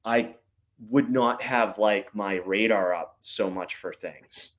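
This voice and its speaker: A man's voice: fairly low pitch, slow, fairly bright tone. Rambling man full of "right?". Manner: rambling, filler-heavy, keeps adding "right?". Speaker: guest, former intelligence officer. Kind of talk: casual interview chat.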